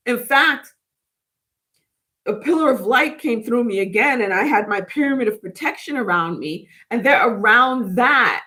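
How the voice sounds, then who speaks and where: A woman with a fairly high voice, talking in a loose, rambling way on a spiritual livestream. She chats casually with viewers and reacts to their comments as they come in. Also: a bit bright. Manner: rambling, chatty, reads and answers live comments. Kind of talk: casual live chat with viewers.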